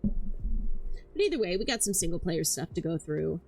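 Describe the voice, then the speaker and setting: With faint music in the background, a woman with a lowish, gravelly, darkish voice streams at a moderate pace in a sing-song manner. She rambles casually, swears frequently, and stammers and repeats herself, hyper though tired.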